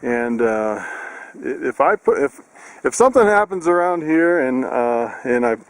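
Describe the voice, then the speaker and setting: A man's voice: mid-range voice, lively intonation, measured pace, no room sound. A man talking casually to his camera on his farm, chatty, laughing often, with plenty of fillers and restarts. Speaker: farm vlogger. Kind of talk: casual vlog narration. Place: outdoors on a farm.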